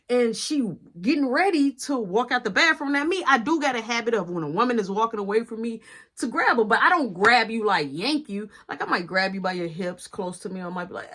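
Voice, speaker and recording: A woman telling a personal story in a casual storytime style, acting out each quoted voice with lots of energy. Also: on the high side. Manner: animated, acts out every quoted voice.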